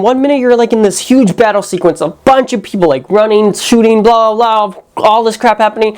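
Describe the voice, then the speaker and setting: A young man giving a casual, animated movie review, full of slang and "like", sometimes acting out quotes. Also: high-pitched.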